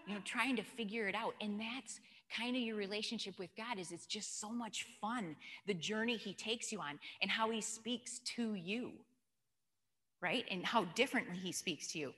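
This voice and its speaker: A woman with a mid-range voice, pushed and bright, speaks at a normal speed. She gives an informal, chatty church teaching talk, telling stories and asking the audience questions, with long hall reverb on the recording.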